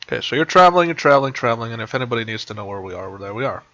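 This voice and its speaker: A man's voice: mid-range voice, lively intonation, racing, pushed and bright, no echo. A man narrating as game master of a tabletop game over voice chat, rambling with many fillers. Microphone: voice chat headset. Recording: dull lo-fi voice chat.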